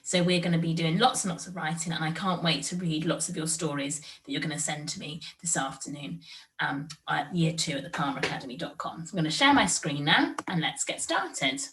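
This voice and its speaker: Woman, primary teacher, online lesson, bright sharp voice, slow clear sounding-out, a little far from the mic. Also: low-pitched, expressive, a little hiss or hum. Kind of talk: recorded online lesson for young children.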